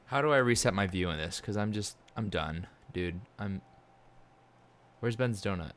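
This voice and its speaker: A young man giving casual commentary while learning 3D software, exasperated and muttering to himself. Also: on the low side, expressive, normal speed, a little hiss or hum. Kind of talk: casual screen-recorded commentary.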